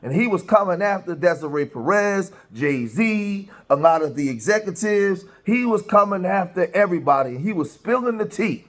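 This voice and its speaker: A man hosting a casual news commentary, talking in a halting way with many filler sounds and restarts. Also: sits high, expressive, a bit bright. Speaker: commentary channel host.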